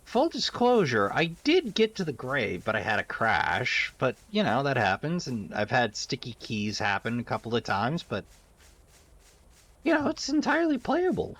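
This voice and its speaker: Chatty man with a lively voice. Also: medium pitch, normal speed. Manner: chatty, wry, suspicious asides, swears. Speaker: let's-play host. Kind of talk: casual gameplay commentary.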